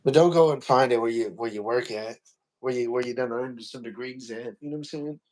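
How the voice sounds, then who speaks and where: A man's voice: medium pitch, brisk, darkish tone. A man hosting a casual chat, rambling, slangy, and repeating himself. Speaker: podcast host.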